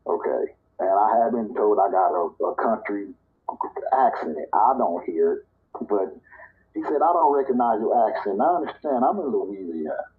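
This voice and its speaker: A man from Nebraska casually telling a personal story, talking relaxed and slipping into higher voices when he quotes people. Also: moderate pace. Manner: relaxed, conversational, acts out quoted dialogue in a higher voice. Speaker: storyteller in a live audio chat. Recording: tinny phone-line audio.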